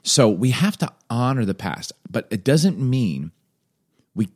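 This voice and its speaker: A man's voice: mid-range voice, very animated, unhurried, a little mellow. A man co-hosting a casual chat, telling stories loosely and leaning on filler words. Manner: loose, rambling storyteller, heavy on "like". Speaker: podcast co-host, father.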